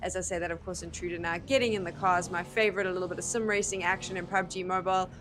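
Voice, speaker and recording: A woman with a fairly low, fairly even voice casts an esports match at a racing clip over a noisy background. She blends play-by-play and analysis with chatty, self-deprecating banter, laughing at her own slips.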